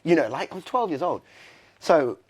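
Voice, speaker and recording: A man's voice: fairly high pitch, sing-song, moderate pace, a little mellow, husky. A young man, a guest in an interview, telling candid stories with lots of fillers and restarts. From England. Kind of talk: conversational storytelling.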